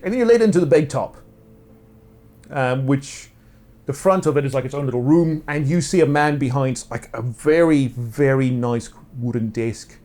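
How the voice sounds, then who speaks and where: A man's voice: mid-range voice, moderate pace, mellow. A man narrating as game master in a casual, rambling way with many fillers. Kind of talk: narrating a tabletop role-play.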